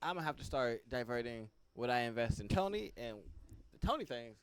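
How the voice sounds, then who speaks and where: A man co-hosting a casual podcast chat, animated and joking, swearing freely. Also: medium pitch, a little fast, clean tone. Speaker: podcast co-host.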